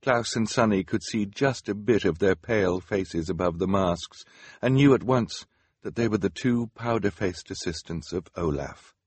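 A man narrating a storybook in a wry, measured way, recorded close on a studio mic. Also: fairly low pitch, husky, no room sound. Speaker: audiobook narrator.

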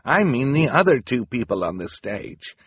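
Snooty cruel villain lady, high and loud, a man putting her on, husky edge. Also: sing-song, normal speed, dry recording. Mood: haughty. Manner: snarling, impatient, theatrical. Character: haughty scheming villainess, sharp and cruel.

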